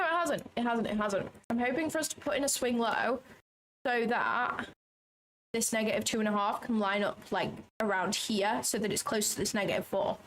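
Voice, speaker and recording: A woman's voice: a little high, slight background noise, poor audio. A young woman chatting frankly and with self-mockery while she walks through live trading commentary. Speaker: day trader streaming live. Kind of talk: casual livestream commentary.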